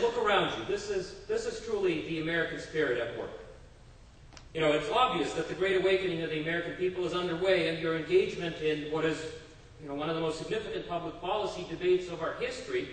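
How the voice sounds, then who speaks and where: A man's voice: sits high, far from the mic. Man speaking in an echoey hall. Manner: anecdotal, tells jokes with fillers. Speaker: congressional chief of staff giving a speech. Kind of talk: public forum speech. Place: public meeting hall.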